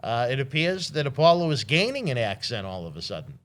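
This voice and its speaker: A man's voice: mid-range voice, big pitch swings, brisk, fairly bright tone. A man co-hosting a casual wrestling podcast, giving blunt, opinionated takes and swearing casually. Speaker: wrestling show co-host.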